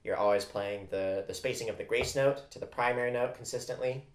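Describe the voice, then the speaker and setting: A percussion instructor with a medium-pitched voice and a fairly quick pace patiently explains flam rudiments and counts off stickings aloud in a drum lesson. The echoey room is very noisy with loud drumming.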